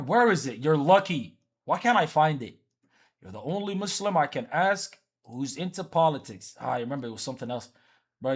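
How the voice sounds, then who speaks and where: A fairly high-pitched man with a husky edge to his voice, chatting loosely on a livestream. He is from Africa and keeps teasing and repeating lines as he answers his chat. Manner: repetitive, teasing, talks back to chat. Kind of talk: casual stream chat.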